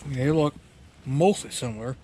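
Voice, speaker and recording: A man narrating his own truck repairs in a relaxed, rambling way with many fillers. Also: mid-range voice, moderate pace. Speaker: DIY truck repair vlogger. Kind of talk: casual workshop narration.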